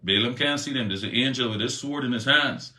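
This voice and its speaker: A man's voice: mid-range voice, fairly quick, pushed and bright, roomy sound. A man giving a morning devotional talk, retelling a Bible story in a conversational, slangy way and checking in with "right?". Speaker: preacher.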